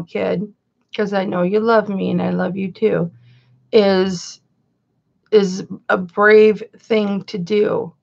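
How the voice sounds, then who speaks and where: A woman's voice: medium pitch, level tone, slow, gravelly, a little mellow, dull audio. A woman hosting a chatty livestream, greeting viewers by name and calling herself Mama. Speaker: live-stream host and reseller.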